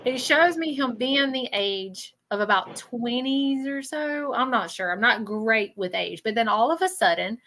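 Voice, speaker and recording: Casting: woman, psychic medium hosting a live reading, chatty, bright tone. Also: fairly high pitch, animated, measured pace, hardly any pauses, rough recording. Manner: chatty, keeps checking in with 'okay?'.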